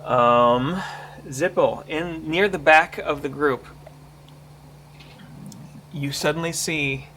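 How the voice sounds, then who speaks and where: A man running a tabletop game as game master, narrating slowly with frequent ums and pauses. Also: fairly high pitch, bright, forceful tone, slight background noise. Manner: measured, deliberate narration with many ums.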